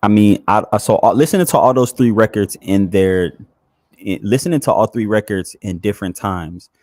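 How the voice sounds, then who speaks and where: A man co-hosting a live music review, talking casually and excitedly with frequent stammers. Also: fairly low pitch, normal speed, dry recording. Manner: stammering, excitable, agreeing often. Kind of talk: casual live reaction talk.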